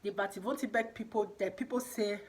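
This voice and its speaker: A woman talks straight to her audience in a casual vlog monologue, her voice husky with a breathy edge. Her English is non-native and loosely put together, and she leans on repetition to drive each point home. Her pitch sits in a middle range. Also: steady tone, fairly quick. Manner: emphatic, repeats herself for stress. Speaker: vlogger.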